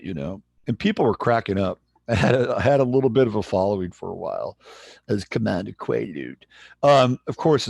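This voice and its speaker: A man hosting a livestream in casual chat, relaxed and rambling as he greets viewers. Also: lowish voice, gravelly, no echo. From San Jose, California, USA. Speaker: livestream host.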